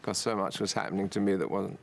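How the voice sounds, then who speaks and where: Gravelly older man reminiscing fondly. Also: sits low, fairly even intonation, noisy background. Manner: halting, fond, laughs often. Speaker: interviewee, old friend. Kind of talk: reminiscing documentary interview.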